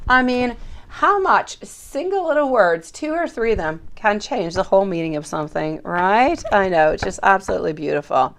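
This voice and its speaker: A woman's voice: mid-range voice, animated, moderate pace. A woman hosting a live tarot reading stream, chatting casually and greeting viewers by name with affectionate words. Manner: warm, chatty greetings to viewers by name, calls them sweetie. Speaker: tarot reader hosting a livestream.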